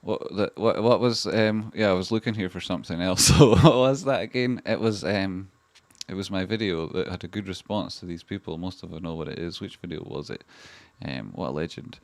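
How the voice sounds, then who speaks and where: A Scottish man hosts a livestream and talks over price charts. His voice sits very low, and the sound is dry and close. He rambles loosely and swears all the time. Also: a little fast, few pauses, dry recording. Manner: heavy swearing, rambling and chatty. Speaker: livestream host. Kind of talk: casual livestream chart commentary.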